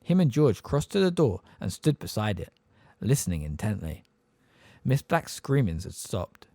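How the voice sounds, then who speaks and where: A man with a lowish voice reads an audiobook at a moderate pace, telling the story expressively. The sound is clean studio quality with no echo.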